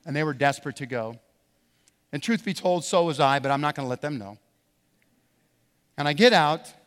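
A man preaching a sermon as pastor, telling a story in an animated way and building to emphatic points. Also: on the high side, big-room sound. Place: church sanctuary.

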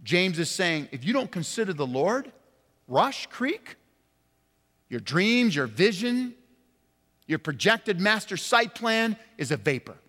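A man preaching a sermon as pastor, impassioned, swinging from loud emphatic peaks to quiet, low, stressed words. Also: very animated, slow pace. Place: church sanctuary. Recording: long hall reverb.

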